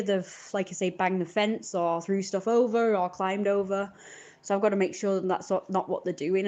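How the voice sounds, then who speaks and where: A woman's voice: on the low side, darkish tone, highs cut off. Indignant woman rambling on stream. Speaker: live streamer. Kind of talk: casual live-stream storytelling.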